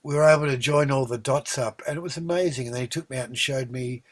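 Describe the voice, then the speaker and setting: A man's voice: medium pitch, fast. An Australian man in his sixties, a singer-songwriter guest, telling long rambling stories with many ums and restarts. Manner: warm rambling storyteller, many ums and restarts, lively when recounting. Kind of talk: relaxed storytelling conversation.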